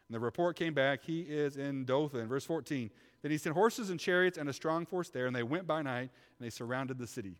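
A man preaching a sermon, telling a Bible story with lively acted-out voices and shifts from loud to hushed. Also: mid-range voice, a little fast. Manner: animated storytelling, acting out biblical figures. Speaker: pastor. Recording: long hall reverb.

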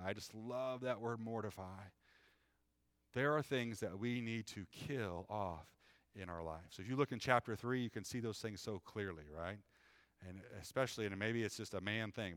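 A pastor with a fairly low-pitched voice preaches a plain-spoken, conversational sermon, often checking in with "right?". When reading scripture aloud, he raises his voice and slows down; the recording is dry.

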